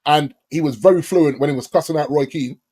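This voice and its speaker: A man co-hosting a casual football chat, animated and tripping over his words as he makes a case. His voice sits a bit high for a man. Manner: animated, stammers into quick bursts. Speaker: podcast co-host.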